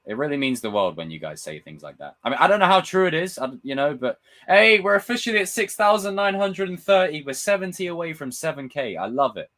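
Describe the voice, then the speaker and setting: A young man chatting casually on his live stream, reading viewer comments, swearing freely and acting out film scenes with loud impressions. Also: on the high side, fast, few pauses. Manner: animated, swearing, reads and answers chat comments. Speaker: livestream host.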